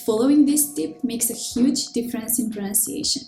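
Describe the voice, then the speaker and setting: A woman delivers a scripted pronunciation lesson in a clear, measured way. Her voice sits fairly high but sounds mellow. The room is echoey, with soft music underneath. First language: Russian. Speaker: language teacher. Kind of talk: scripted instructional narration. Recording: roomy echo with faint background music.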